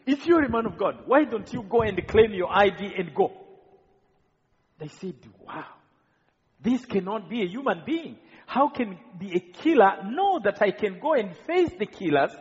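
Preaching his testimony, a man from Rwanda tells it as a narrative packed with quoted speech and false starts, speaking at a moderate pace with great animation. His pitch is high with a touch of huskiness. A big hall's long echo fills the dull, lo-fi recording.

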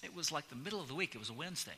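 A pastor preaching a sermon in a church, speaking slowly and with strong emphasis. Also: male voice, fairly high pitch, expressive, pushed and bright, slight background noise. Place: church sanctuary. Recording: long church reverb.

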